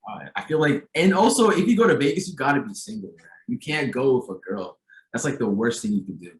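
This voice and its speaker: A young man with a mid-pitched voice that swings widely, joking and teasing as a podcast guest. He is on a video call from an echoey room. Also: expressive. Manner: chatty, joking, quick to tease. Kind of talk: casual chat.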